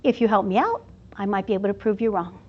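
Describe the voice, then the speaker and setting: A woman's voice: medium pitch, quick pace, slightly rough, lightly acted. A woman voicing a weary, kind traveling healer who talks in an earnest, coaxing way. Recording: dull lo-fi sound.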